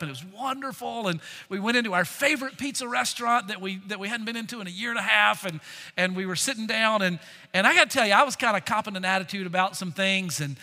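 A pastor preaches a sermon in a confessional, self-deprecating tone, swinging between loud, emphatic bursts and hushed, low phrases. A long reverb tail trails his words.

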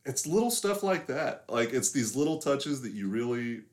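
Very animated, with a mid-range voice at a moderate pace, a young man from the American South co-hosts a podcast and chats over a film. He rambles through his casual review with plenty of fillers and hedging.

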